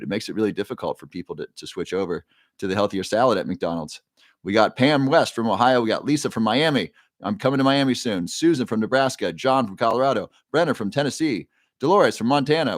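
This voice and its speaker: A man's voice: fairly low pitch, no room sound, clean studio sound. A man hosting a live stream, cheerfully greeting viewers by name and reading their comments aloud, with frequent fillers. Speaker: livestream host. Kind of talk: casual livestream chat, reading viewer comments. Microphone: new microphone.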